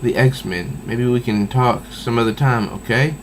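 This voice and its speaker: A man's voice: mid-range voice, unhurried, slight background noise, close to an everyday voice. A man voicing a busy woman who politely brushes someone off, read aloud from a comic. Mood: apologetic.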